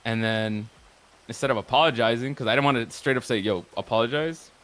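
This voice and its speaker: Guy telling a rambly sweary story, acts out what everyone said, mid-pitch voice. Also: brisk, a bit bright. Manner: rambling, profane, quotes others back and forth. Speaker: streamer recounting a roleplay session. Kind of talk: casual storytelling.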